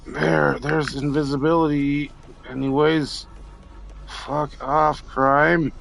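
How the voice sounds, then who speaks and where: Slow, gravelly drunk male streamer. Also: mid-range voice, lively intonation. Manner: rambling, stammering, swearing at enemies. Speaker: streamer playing a video game. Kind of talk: casual drunk gameplay commentary.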